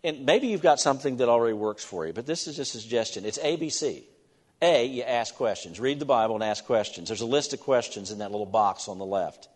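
A man preaching a sermon in a church, earnest and halting, with restarts as he talks. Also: medium pitch, expressive. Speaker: pastor. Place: church sanctuary. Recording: long hall reverb.

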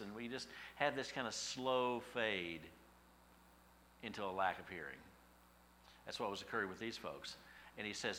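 A man preaching a sermon in an animated, conversational style, building to emphatic high points. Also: moderate pace, a little hiss or hum, rough recording. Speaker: pastor.

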